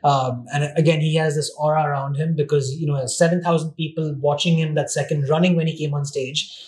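A man's voice: a little high, little pitch movement, brisk, a little mellow. A man who grew up in Oman, a guest actor and presenter, reflecting in a podcast interview and often repeating words as he starts a thought.

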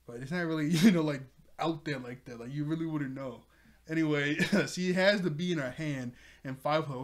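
A man's voice: fairly high pitch, normal speed. A man casually recapping a cartoon episode, rambling and laughing often, briefly mimicking characters' lines. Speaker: show reviewer.

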